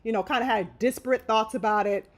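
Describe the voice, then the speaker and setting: A woman's voice: on the high side, fast talker. A woman hosting a live boxing talk stream, ranting in a heated, emphatic and profane way. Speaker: boxing commentary host. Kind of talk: live opinion commentary.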